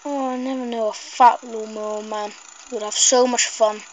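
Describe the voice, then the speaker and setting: A woman giving casual, rambling gameplay commentary, excitable and shrieking at mishaps. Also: fairly high pitch, moderate pace, a little hiss or hum, poor audio.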